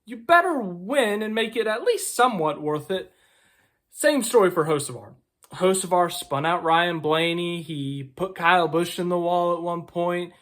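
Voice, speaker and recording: A man with a notably high voice talks through a race in a relaxed, conversational commentary. He is opinionated and rambles into asides as he goes. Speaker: racing commentator. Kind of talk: casual video commentary.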